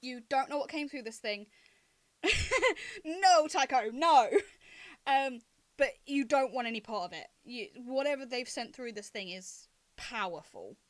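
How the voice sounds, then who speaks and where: A woman's voice: a little high, moderate pace, no echo. A woman narrating a tabletop game as game master, talking casually with many ums and restarts.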